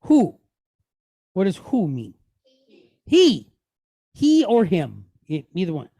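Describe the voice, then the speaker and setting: Woman teacher, slow and patient, walks a class through sounds and keeps asking questions. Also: on the low side, huge pitch swings, mellow, breathy edge. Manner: quizzes the class, tags lines with "right?"; patient, spells sounds out step by step. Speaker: Hebrew teacher. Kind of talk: classroom lesson.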